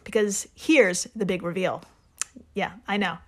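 A woman's voice: medium pitch, unhurried, a bit bright. A woman hosting a casual chat podcast, telling facts playfully and laughing often. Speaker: podcast host.

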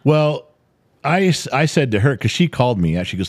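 A man's voice: medium pitch, normal speed, no room sound, studio quality. A middle-aged man co-hosting a podcast, telling family stories in casual chat and swearing now and then. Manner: animated storyteller, swears casually. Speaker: podcast co-host.

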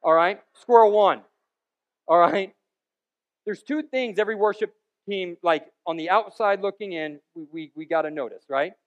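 A man preaching a sermon as pastor, with joking, rambling asides and sudden loud bursts between quieter stretches. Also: sits high, normal speed, muffled recording.

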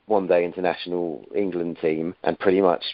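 A man with a very deep voice speaks as a fan guest, giving considered views. The sound is dull and dry. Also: level tone, a little fast, no room sound. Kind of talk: interview chat.

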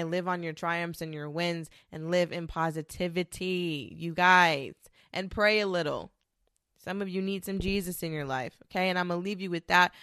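A woman's voice: medium pitch, fairly bright tone, no echo, clean studio sound. A woman in her twenties hosting a casual solo podcast, rambling and sassy with lots of swearing and fillers. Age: 20s. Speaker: podcast host.

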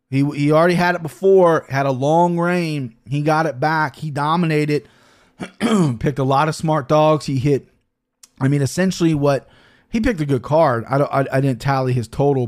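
Profane rambling man hosting a podcast. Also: fairly high pitch. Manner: rambling, profane, many fillers and restarts; soft and emotional when talking about his daughter. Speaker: podcast host. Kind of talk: casual podcast monologue.

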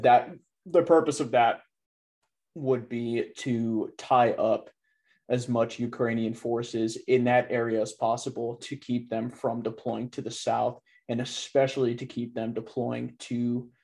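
A man with a middle-pitched voice talks loosely and casually. His sentences are packed with fillers and restarts, and he sounds like he is speaking off the cuff in a relaxed chat. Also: measured pace, vocal fry. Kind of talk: casual discussion.

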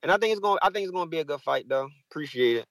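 Caller: man with a high voice on a very dry line, rambling in slangy, profane street talk about boxing. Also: lively intonation, rapid-fire, fairly bright tone, no echo. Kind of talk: casual boxing call-in chat.

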